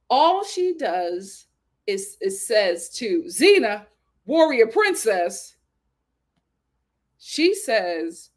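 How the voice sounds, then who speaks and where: High-voiced woman gossiping a dramatic recap. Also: slow. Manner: dramatic, animated storytelling with frequent laughter; playful slang and sass. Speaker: YouTube show host. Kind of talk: gossipy reality-show recap.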